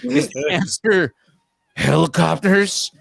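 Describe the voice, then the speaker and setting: A man voicing a clueless, dim-witted male caped crusader who asks slow, puzzled questions. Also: high voice, sing-song, vocal fry, a bit bright, slightly rough, dry recording, pitched above the performer's own voice, heavily acted.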